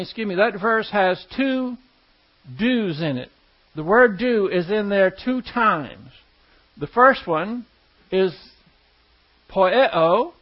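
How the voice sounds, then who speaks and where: A man teaching an informal Bible class in a folksy, explanatory way, often putting questions to his class. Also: high-pitched. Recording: dull lo-fi classroom recording.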